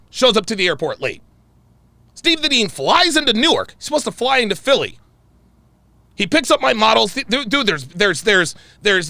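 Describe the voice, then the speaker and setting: Fiery, animated man ranting. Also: creaky, dry recording. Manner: angry, profane, repeats himself; animated pitch swings. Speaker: show host. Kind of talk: heated livestream rant.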